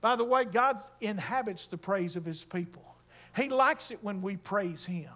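A man preaches in a church sanctuary. His voice sits very high for a man, and he swings from low, quiet asides up to ringing, stretched-out declarations. He addresses the congregation directly and with fervor. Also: moderate pace. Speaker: pastor. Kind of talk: sermon.

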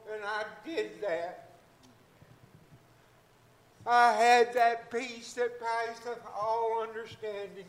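A middle-aged man, a physician, giving a fervent, emotional testimony in church and breaking into shouts of hallelujah. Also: extremely high pitch, steady tone, drawn-out words, long pauses, reverberant. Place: church sanctuary.

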